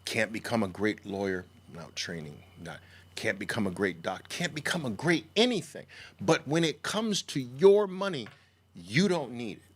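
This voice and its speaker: A middle-aged man giving an emphatic sales pitch for trading education, full of mocking rhetorical questions. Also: very animated, moderate pace, slightly rough. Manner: mocking rhetorical questions, mimics naive traders.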